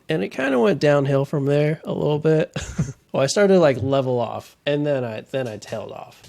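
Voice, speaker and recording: A man's voice: mid-range voice, darkish tone. Chatty man telling golf stories. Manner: rambling, laughs often mid-sentence. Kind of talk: casual chat.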